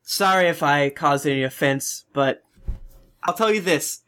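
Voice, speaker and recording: A man's voice: a little high, unhurried, pushed and bright, clear, resonant tone. A man playing his character in a tabletop game, earnest and playful, often stumbling over his words. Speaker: player. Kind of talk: in-character tabletop role-play.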